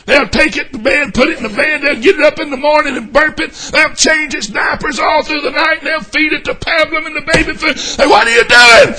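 An older preacher with a very high, husky voice delivers a folksy church sermon. His tone is bright and edgy, and he swings from hollering to near-whispers. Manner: folksy, swings from shouting to hushed.

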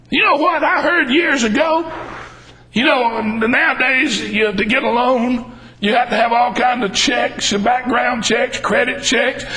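A man preaching a fervent sermon, emphatic and breaking into shouts. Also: very high voice, poor audio.

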